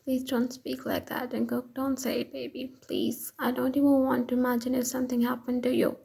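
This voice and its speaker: Girl reading scared teary gf from a fanfic, stutters, high and husky. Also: flat delivery, a little fast, mellow, exaggerated voice. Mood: pleading. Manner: hesitant, stuttering. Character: frightened young woman, tearful girlfriend.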